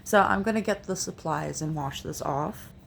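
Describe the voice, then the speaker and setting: A young woman with a light Appalachian accent speaks in a low, gravelly voice at a moderate pace, with slight background noise. She's a makeup vlogger chatting casually and matter-of-factly in a room at home, thinking aloud as she goes. She comes from New Jersey but grew up in North Carolina and Virginia.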